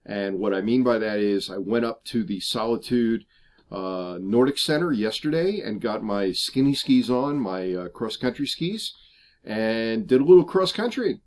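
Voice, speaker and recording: A man's voice: fairly low pitch, lively intonation, normal speed, a little mellow. A middle-aged man vlogging casually about his RV travels, chatty and explanatory with frequent fillers. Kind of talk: casual vlog talk to camera. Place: RV park outdoors.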